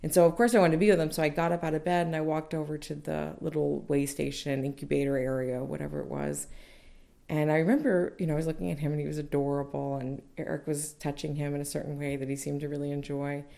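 Low gravelly-voiced woman telling a story. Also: fairly even intonation, fast, warm tone. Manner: candid, conversational, many fillers. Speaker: mother recounting childbirth. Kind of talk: personal storytelling.

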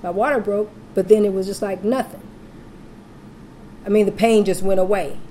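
A woman's voice: mid-range voice, moderate pace, a little hiss or hum. A woman casually telling a personal story, acting out the voices of the people she quotes. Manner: animated, acts out quoted voices.

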